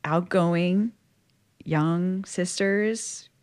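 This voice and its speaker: Louisiana-raised nun, interview guest; slightly low female voice, chatty, expressive storyteller. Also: extremely slow. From Louisiana, USA. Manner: chatty, expressive, frequent "like" fillers. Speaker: guest, Catholic religious sister. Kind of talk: personal storytelling in conversation.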